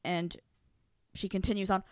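Woman, mid-pitched, casual storytelling co-host, blunt and expressive, dry close mic. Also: normal speed, no room sound. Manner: candid, swears freely, animated retelling. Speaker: podcast co-host.

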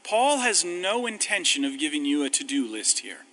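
Male pastor, slightly high and sharp voice, casual wry sermon, slows for scripture. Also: sing-song, low-quality recording. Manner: conversational, self-deprecating humor, slows on scripture.

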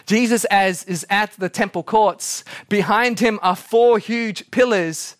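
Man, pastor, sermon, high voice, dry close sound, dramatic delivery. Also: dry recording. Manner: dramatic, acts out quotes, slows for emphasis.

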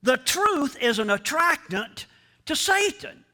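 A man preaching a sermon as pastor, slow and emphatic, repeating key phrases and speaking straight to the congregation. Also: extremely high pitch, sing-song, bright, forceful tone. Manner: addresses the congregation directly.

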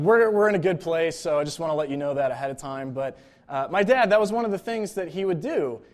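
A man preaching a sermon in a relaxed, conversational way, often checking in with "right?" and "like.". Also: on the high side. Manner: casual, informal, frequent "like" and "right?" check-ins.

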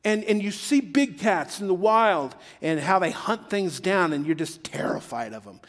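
A man's voice: sits high, animated, normal speed, in a large hall. A middle-aged man preaching a sermon in a joking, conversational way that builds to emphatic peaks. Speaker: pastor.

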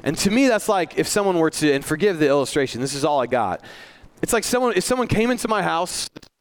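A man's voice: on the high side, expressive, quick pace. Man preaching an earnest sermon. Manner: earnest, conversational preaching with self-deprecating asides. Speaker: pastor. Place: church.

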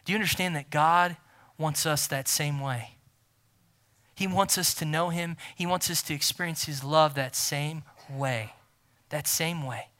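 With a fairly high pitch and a slightly slow pace, a male pastor preaches a sermon. He hammers home key phrases through repetition, his volume ranging from loud to almost a whisper.

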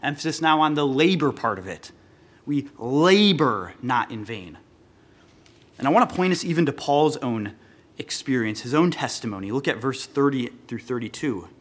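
A man's voice: mid-range voice, lively intonation, brisk. A man preaching an earnest sermon, rising with emphasis when he quotes scripture. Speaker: pastor.

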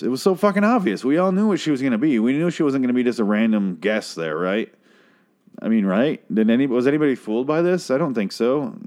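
A man's voice: lowish voice, darkish tone. A man casually recapping a TV episode, rambling, sarcastic and swearing freely.

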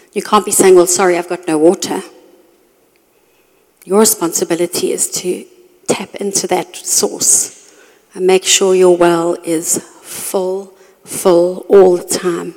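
A middle-aged woman giving a storytelling sermon to a women's group, animated when acting out her own reactions. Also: fairly low pitch, unhurried. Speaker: women's ministry speaker. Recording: long reverb of a hall.

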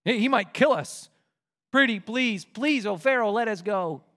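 A man's voice: high voice, animated, unhurried, fairly bright tone, voice pushed up. A man voicing two desperate male petitioners who beg and whine before a king. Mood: pleading. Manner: begging, whiny.

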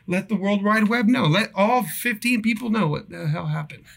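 A young man spins a profane, rambling work story in casual chat. His voice is bright and sharp. He jumps between hushed asides and loud outbursts. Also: high voice, moderate pace, vocal fry. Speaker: podcast co-host telling work stories.

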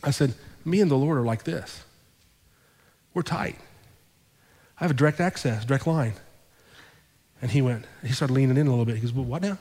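A male pastor telling a story in his sermon, conversational and animated, repeating his phrases for effect. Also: mid-range voice, normal speed, long pauses, long reverb tail. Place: church sanctuary.

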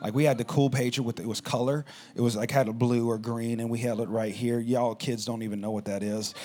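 A man preaching a sermon, telling a personal story in an animated way and speaking straight to the audience. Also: medium pitch, fairly quick.

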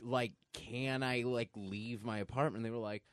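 Casting: man, casual podcaster, mid-pitch, dry close sound, loose swearing storyteller. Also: steady tone, moderate pace, few pauses, clear, resonant tone, dry recording. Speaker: podcast co-host. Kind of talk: casual chat.

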